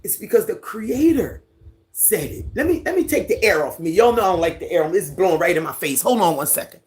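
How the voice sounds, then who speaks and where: Indoors at home beside a fan, a Caribbean-island resident of a decade hosts a livestream, unhurriedly chatting and reading out what viewers write. The voice is mid-range and easygoing.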